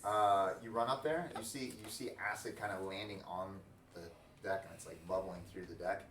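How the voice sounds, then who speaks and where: A man narrating as dungeon master in a halting, casual way, full of restarts and fillers. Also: low voice, fairly bright tone, roomy sound, distant mic, slight background noise. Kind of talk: narrating a tabletop game.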